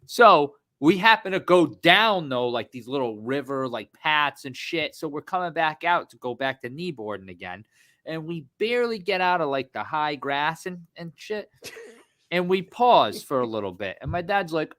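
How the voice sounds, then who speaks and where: A podcast host from Rhode Island, telling stories in an animated way and swearing freely. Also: male voice, a little high, moderate pace. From Rhode Island, USA. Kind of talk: casual podcast chat.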